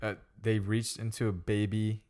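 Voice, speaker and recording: Low-voiced chill guy reacting to his buddy's story, laughs a lot. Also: level tone, normal speed, a little mellow. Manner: easygoing, laughs along, short reactions. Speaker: friend listening. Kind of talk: casual chat.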